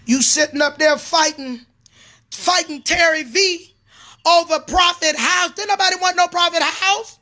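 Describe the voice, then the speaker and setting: On a livestream, a middle-aged pastor and prophetess delivers an angry, repetitive tirade full of swearing, occasionally breaking into shouts. Her very high voice keeps a fairly even intonation and an unhurried pace.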